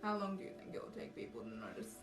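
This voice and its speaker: A woman's voice: rumbling low, big pitch swings, rapid-fire. Chatty woman livestreaming. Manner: chatty, self-mocking, easily sidetracked. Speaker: cosplay livestreamer. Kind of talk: casual livestream chat. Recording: distant mic with music behind. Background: background music.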